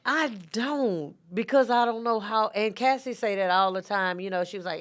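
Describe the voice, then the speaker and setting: A middle-aged woman, a podcast guest who talks softly and reflectively, with many fillers. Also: medium pitch, moderate pace, few pauses. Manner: soft-spoken, reflective storytelling with many fillers. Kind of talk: casual interview talk.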